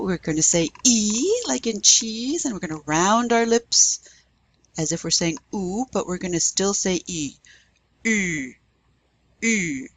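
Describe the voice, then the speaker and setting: A woman's voice: mid-range voice, poor audio. A woman French teacher giving a recorded lesson, patiently demonstrating pronunciation with repetition.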